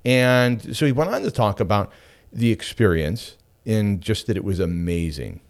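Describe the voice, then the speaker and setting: A man's voice: on the low side, normal speed. A middle-aged man hosting a radio show, talking casually and telling stories with frequent asides. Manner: animated, chatty storyteller with frequent asides. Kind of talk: casual talk radio monologue.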